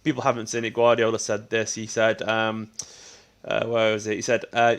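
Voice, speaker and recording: A man's voice: lowish voice, completely flat delivery, smooth. A man with a Manchester accent hosting a fan stream, chatty and asking his guest questions. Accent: Mancunian English. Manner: quick, chatty, asks questions. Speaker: fan channel host. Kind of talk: casual fan chat on a live stream.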